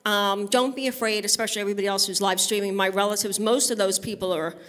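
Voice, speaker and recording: A woman from Brooklyn, New York talks fast in a medium-pitched, fairly bright voice with fairly even intonation. She's doing stand-up comedy on a live music studio stage, speaking conversationally and joking back and forth with the audience.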